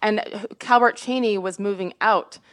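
A sportscaster in her fifties from Indiana, USA, tells a story as a podcast guest, speaking quickly and animatedly, laughing often and restarting sentences. Her voice is mid-range, with no room sound.

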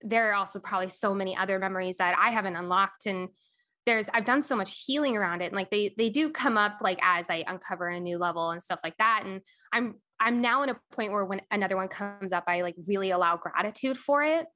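A young adult woman, a podcast guest and coach, telling a painful personal story candidly, with many pauses and fillers. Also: medium pitch, sharp tone.

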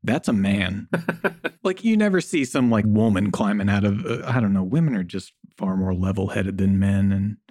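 Blunt, joking man with a lowish voice. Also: normal speed, warm tone, no echo, studio quality. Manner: blunt, joking, swears casually. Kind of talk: casual conversation.

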